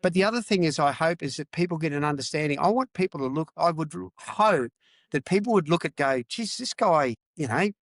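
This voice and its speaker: A man's voice: a little high, quick pace, dry recording. A middle-aged man from Australia, a podcast guest, talking candidly and emphatically, repeating phrases and swearing. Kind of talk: candid interview talk.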